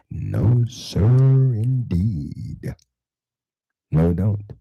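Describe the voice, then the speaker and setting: A man hosting his own show, ranting heatedly to viewers about religion and spirituality, swearing a lot and repeating words, swinging from low mutters to loud outbursts. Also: gravelly, husky, dry recording, poor audio. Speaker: online show host. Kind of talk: profane spiritual rant to viewers.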